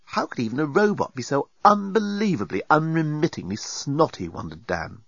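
Expressive male storybook narrator. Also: fairly high pitch, moderate pace, creaky, no room sound. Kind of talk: storybook reading. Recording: dull lo-fi dry recording.

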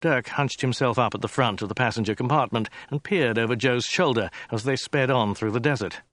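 A man's voice: mid-range voice, brisk, fairly bright tone, dry recording. A man narrating an audiobook in a dry, wry storytelling manner. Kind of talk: scripted narration.

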